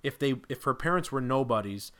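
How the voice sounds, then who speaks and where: A man speaking as a guest on a podcast, thinking out loud with lots of fillers and restarts. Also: medium pitch, expressive, fairly quick, clean tone. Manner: rambling, thinking aloud with many fillers. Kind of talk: casual podcast discussion.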